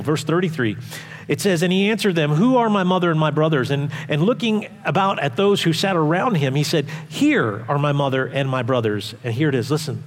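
A male pastor preaching and reading scripture aloud, earnest and emphatic, repeating his key points. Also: high voice. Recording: long reverb of a large hall.

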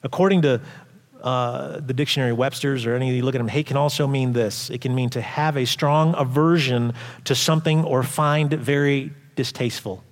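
A man preaching a sermon as pastor, animated, acting out quoted voices loudly and dropping to quiet asides. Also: mid-range voice, moderate pace. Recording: long hall reverb.

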